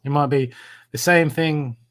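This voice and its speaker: A man doing live-stream card readings, talking warmly and repetitively to viewers by name. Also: fairly high pitch, fairly even intonation, unhurried. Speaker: psychic reader.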